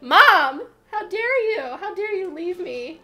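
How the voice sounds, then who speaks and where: A demanding little Furby toy begging for attention, given a whiny voice by a woman. The voice sits high and lively, with a bright, sharp edge and faint music underneath. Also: slow, full character voice.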